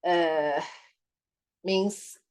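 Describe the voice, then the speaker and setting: A woman whose first language is Chinese gives a halting lab report presentation, full of fillers and repeated words. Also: on the low side, steady tone. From China. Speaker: student presenter.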